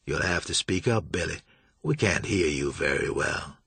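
A man voicing a sophisticated, cruel male vampire, talking slowly with chilly amusement in an audiobook. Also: extremely low pitch, expressive, fairly bright tone, no room sound, voice pushed down, exaggerated voice. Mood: cold amused. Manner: smooth, slow, chilly amusement.

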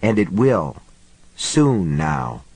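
A man voicing a patient, mysterious voice heard inside someone's head, speaking calmly and steadily. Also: low-pitched, very slow, husky, no echo, pitched below the performer's own voice, full character voice. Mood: urgent. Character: calm, patient mysterious inner voice.

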